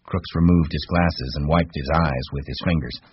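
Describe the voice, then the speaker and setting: A man narrating a novel in measured, even storytelling. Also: extremely low pitch, husky, no room sound, lo-fi sound. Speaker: audiobook narrator. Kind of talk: scripted narration.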